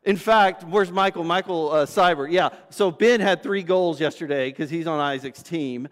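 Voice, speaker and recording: A man's voice: on the high side, moderate pace. A man preaching a sermon to his congregation in a conversational, storytelling way, with asides to people in the room. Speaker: pastor. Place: church sanctuary. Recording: long reverb of a church hall.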